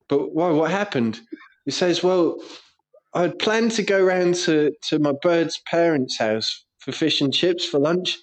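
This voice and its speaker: A man's voice: a little high, measured pace. A man co-hosting a podcast, telling crude stories in casual banter and laughing often. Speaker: podcast co-host.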